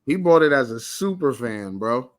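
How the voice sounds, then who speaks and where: A man's voice: mid-range voice, big pitch swings, moderate pace. Laid-back man in slangy sports chat. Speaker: podcast co-host.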